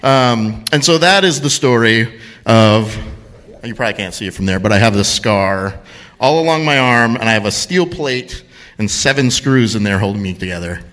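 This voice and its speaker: A man's voice: fairly low pitch, lively intonation, normal speed, fairly bright tone. A man telling a self-mocking story on stage at a live storytelling event, laughing at his own mishaps.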